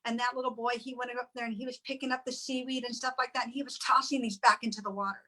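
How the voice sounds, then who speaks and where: A woman sharing an emotional personal testimonial in halting, tearful speech with many restarts. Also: a little high, fairly even intonation, pushed and bright, rough recording. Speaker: guest sharing weight-loss story.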